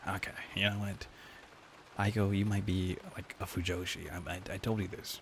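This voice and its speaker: Male streamer, casual chat, crude jokes, stammering, fairly low voice. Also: level tone, moderate pace, gravelly, a bit bright, a little hiss or hum. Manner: crude joking, stammering restarts, frequent laughter.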